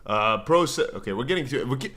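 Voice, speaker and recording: A man's voice: mid-range voice, animated, fast, bright, forceful tone. A man hosting a casual crypto livestream who reads out viewer comments and rambles freely. His voice sits in an ordinary middle range, and he often restarts his sentences and drifts into playful asides.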